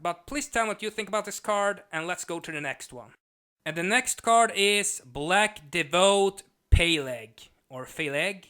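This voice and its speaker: Man, card game reviewer, bright slightly high voice, enthusiastic, reads card text slowly.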